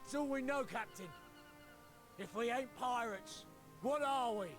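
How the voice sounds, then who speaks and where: An actor playing a defiant young pirate lieutenant in a video game. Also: male voice, very high voice, a little slow, a bit bright, faint music behind. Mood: pleading.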